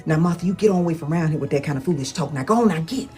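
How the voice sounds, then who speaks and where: A woman's voice: deep voice, expressive, racing, warm tone, faint music behind. A woman playing a gossipy, folksy woman in a comedic period skit, talking in a drawling, scolding way.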